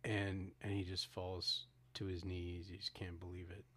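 A man's voice: sits low, completely flat delivery, normal speed, fairly bright tone, breathy edge. A man co-hosting a podcast, retelling a movie's ending in casual talk with many restarts and acted-out quotes. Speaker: podcast co-host. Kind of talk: casual film discussion.

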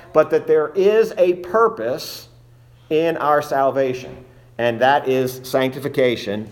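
Man, preacher, sermon, slightly high voice, measured emphatic delivery. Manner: measured, emphatic expository preaching with slowed stressed phrases.

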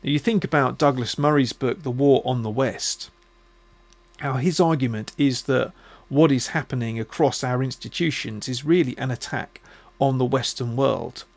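Man, podcast host, gravelly voice, mid pitch, halting reflective monologue. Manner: musing, halting, many restarts.

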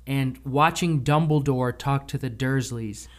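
A man talks loosely through movie scenes on a casual podcast, at an ordinary middle pitch. He is chatty and drops into quick impressions of characters as he retells things. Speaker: podcast co-host. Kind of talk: casual film discussion podcast.

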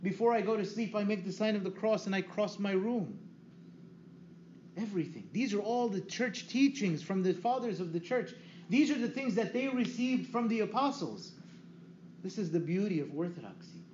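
A priest delivers a teaching sermon in a high, bright voice. He keeps the talk lively and puts questions to the listeners before answering them himself. The recording is dull and roomy, with a faint hiss behind it. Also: normal speed. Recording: echoey room, dull lo-fi sound, faint hiss.

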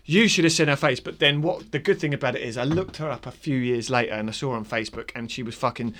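A man in his thirties with a Norfolk accent, telling a rambling story among friends, full of halting restarts and swearing. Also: mid-range voice, a bit bright. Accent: Norfolk English. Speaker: podcast co-host telling a story. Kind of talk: casual banter.

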